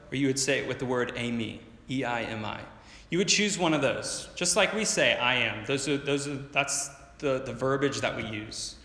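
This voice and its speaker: A man preaches a sermon, explaining in an earnest tone and building up to emphatic points. His voice is forceful and bright. It rings out with long reverb from a big church hall. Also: on the high side. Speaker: pastor.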